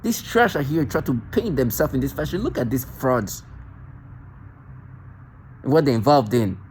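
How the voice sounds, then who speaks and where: A man rants alone in an agitated monologue, tripping over words and restarting sentences. His voice sits in a middle pitch. A faint noise runs underneath. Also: sing-song, a little slow, a little mellow, rough recording. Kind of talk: self-recorded monologue rant.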